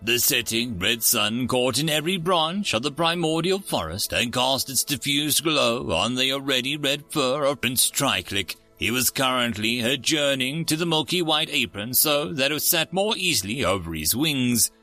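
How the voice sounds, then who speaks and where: A man narrating a story in a steady storybook reading. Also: medium pitch, normal speed, few pauses, soft background music.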